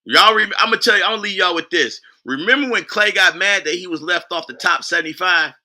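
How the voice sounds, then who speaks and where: Man, sports vlogger, bright tone, fairly high pitch, casual, trash-talking. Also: fast talker. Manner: boastful, animated trash talk; casual, with frequent fillers.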